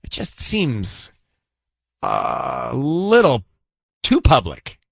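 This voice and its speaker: A man's voice: mid-range voice, wildly swooping pitch, creaky, no room sound. A man hosting a morning radio show, chatting and joking with co-hosts and callers. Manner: joking, teasing, quick laughs. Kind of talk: casual morning radio banter.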